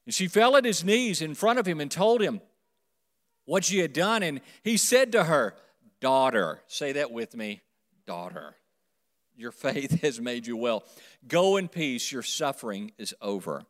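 A man pastor preaching a sermon to a congregation, swinging from quiet to loud and calling on them to repeat after him. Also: fairly high pitch, big pitch swings, unhurried. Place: church sanctuary. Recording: long hall reverb.

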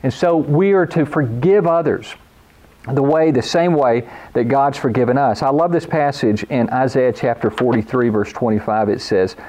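A man's voice: medium pitch, normal speed, darkish tone. A man preaching a sermon, speaking earnestly and driving points home with repeated phrases. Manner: earnest preaching, quotes scripture, emphatic repetition. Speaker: pastor.

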